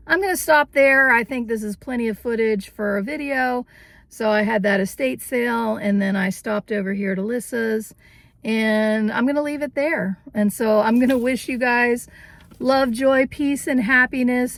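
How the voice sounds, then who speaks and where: A woman vlogger chatting cheerfully about her vintage finds, giggling often. Her voice sits a little high with a gravelly fry, and she takes her time over every phrase. The sound is close and dry. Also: a little slow, dry recording. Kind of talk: casual vlog chat.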